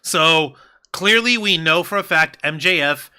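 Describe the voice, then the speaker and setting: Bright-voiced man ranting about wrestling. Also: fairly high pitch, measured pace, clear, resonant tone. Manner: rambling, swears freely, many restarts. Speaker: podcast co-host. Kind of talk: casual wrestling review chat.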